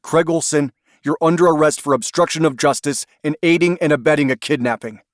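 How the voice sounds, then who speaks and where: A man's voice: fairly high pitch, a little fast, no echo, pitched above the performer's own voice, lightly acted. Brief: male narrator as a hard-nosed male agent, clipped and commanding, dry close sound. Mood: stern. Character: stern, angry male federal agent.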